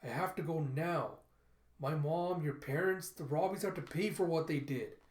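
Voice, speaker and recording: Brief: earnest orphan boy, stubborn, read by a man, fairly high voice, echoey room. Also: normal speed, darkish tone, natural voice. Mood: determined. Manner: read-aloud comic dialogue, little voice change. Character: earnest orphan boy, later determined teen. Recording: roomy echo.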